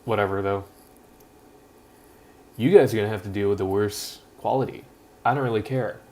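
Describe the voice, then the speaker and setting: A man with a lowish voice chats casually on a live stream, half-mumbling to himself as he fiddles with settings. His throat is rough and he clears it often. A cheap built-in mic picks him up with a faint hiss behind. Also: moderate pace, darkish tone. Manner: distracted, mumbling while fiddling with audio settings. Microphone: built-in webcam or laptop mic.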